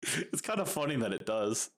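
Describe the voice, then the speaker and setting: A man's voice: mid-range voice, big pitch swings, normal speed, fairly bright tone. A young man co-hosting a casual podcast chat, laid-back, laughing often and saying "like" a lot. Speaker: podcast co-host.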